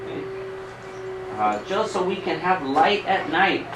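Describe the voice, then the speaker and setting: A man's voice: high voice, animated, a little slow. A man reading aloud and voicing an old woman who sings to the moon, in a raised storybook voice. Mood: earnest. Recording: echoey room, distant mic, background noise.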